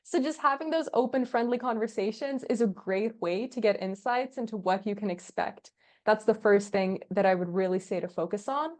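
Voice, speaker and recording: A woman's voice: medium pitch, moderate pace, a little mellow. A woman guest on a podcast, chatting casually and acting out quoted dialogue as she tells stories, laughing often. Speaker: podcast guest, agency founder. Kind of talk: casual interview chat.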